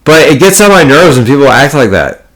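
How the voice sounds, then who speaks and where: A man's voice: mid-range voice, sing-song, a little fast, fairly bright tone. Guy telling a poker story, swears a lot, blunt and kind of exasperated, rambling. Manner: profane, blunt, exasperated ranting; poker jargon, rambling restarts. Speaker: poker player vlogger. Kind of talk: casual storytelling monologue.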